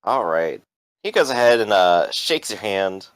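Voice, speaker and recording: A man runs a tabletop role-playing game, narrating and calling for rolls in a relaxed, joking way. His pitch moves a lot as he talks. The recording is close and dry. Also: unhurried, no echo, poor audio. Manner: relaxed, joking, with many fillers. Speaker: game master.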